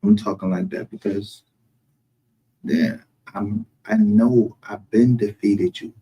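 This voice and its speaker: A man's voice: on the low side, big pitch swings, slow pace, vocal fry, dark tone, husky, poor audio. A man with a Southern US accent hosting a livestream, talking in a profane, mocking way and laughing often. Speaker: streamer host. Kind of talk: casual livestream commentary.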